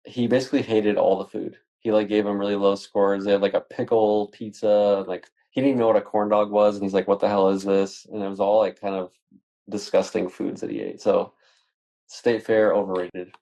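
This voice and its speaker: A man's voice: on the low side, little pitch movement, brisk, vocal fry, mellow. A man co-hosting a casual podcast, laid-back, telling stories in easy chat. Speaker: co-host of a collecting podcast.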